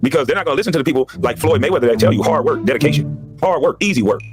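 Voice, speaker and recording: A former basketball player in a heated podcast monologue, ranting with emphatic repetition. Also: male voice, a little high, lively intonation, rapid-fire, music in the background.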